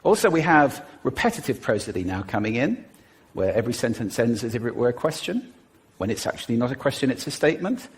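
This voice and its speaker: A man giving a stage talk in an animated way, demonstrating voice techniques as he speaks. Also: medium pitch, quick pace, slight background noise. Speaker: public speaker.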